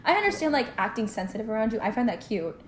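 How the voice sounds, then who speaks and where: A woman's voice: on the high side, very animated, fast talker. Chatty young woman in an echoey room. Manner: chatty, filler-heavy, blunt verdicts. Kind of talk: casual chat. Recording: echoey room with faint background noise.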